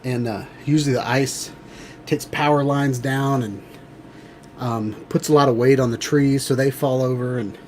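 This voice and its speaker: A man's voice: medium pitch, steady tone, moderate pace, a little hiss or hum. Chatty man hosting a livestream. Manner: chatty, rambling with many fillers. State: out of breath. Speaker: livestream host. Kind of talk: casual livestream chat.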